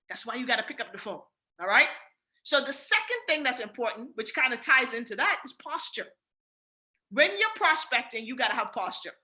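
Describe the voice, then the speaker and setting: A woman from the Bahamas with a Bahamian accent coaches her team on a training call. Her voice sits high and swings widely, with a bright edge. She repeats her points emphatically and talks straight to her listeners. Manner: emphatic, repetitive, addresses listeners directly.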